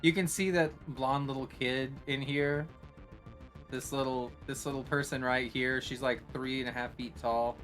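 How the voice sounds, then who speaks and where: A man's voice: medium pitch, steady tone, normal speed, fairly bright tone, faint music behind. A man running a tabletop game as game master, explaining rules and describing scenes in a casual, laughing way.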